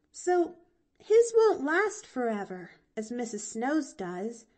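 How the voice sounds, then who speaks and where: A woman's voice: sits high, darkish tone, pitched above the performer's own voice, heavily acted. A woman reading an audiobook, voicing a cheerful, chattering little girl who rambles breathlessly. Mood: earnest.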